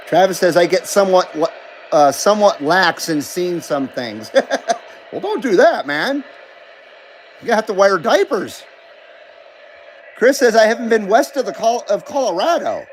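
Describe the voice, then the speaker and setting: A man's voice: high voice, very animated, measured pace, pauses often, slight background noise, rough recording. A middle-aged man hosting a casual live stream, reading viewer comments aloud and bantering back, swearing freely. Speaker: livestream host.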